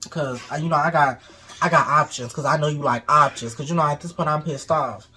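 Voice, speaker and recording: A man's voice: a little high, a little fast. A man casually telling a dramatic story to his co-host. He swears freely, acts out what people said and laughs often. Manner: animated, profane, acts out quotes, laughs often.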